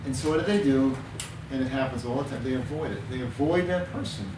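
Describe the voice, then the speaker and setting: A male counselor talks earnestly in a plain, mid-range voice, often repeating a word for emphasis as he teaches. He sits away from the microphone in a reverberant room, and steady background noise runs under his speech. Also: medium pitch, fast. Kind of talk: conversational teaching talk. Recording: roomy, distant mic with background noise.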